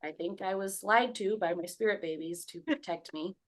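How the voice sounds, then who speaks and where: A woman's voice: medium pitch, moderate pace. A woman telling a personal story as a podcast guest, casual and candid, swearing freely and acting out her own past remarks.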